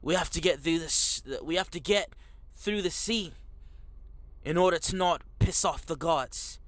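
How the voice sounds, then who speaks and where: A man doing a booming epic-hero voice. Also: unhurried, a bit bright. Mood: solemn. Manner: grand, theatrical proclamations.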